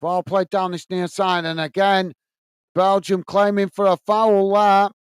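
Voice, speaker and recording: A man from England hosting a live football watch-along, calling the play and chatting with viewers in a chatty manner that quickly turns to ranting. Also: high-pitched, little pitch movement, smooth, no room sound. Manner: chatty, reads out viewer messages, quick to rant. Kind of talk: live football commentary and chat.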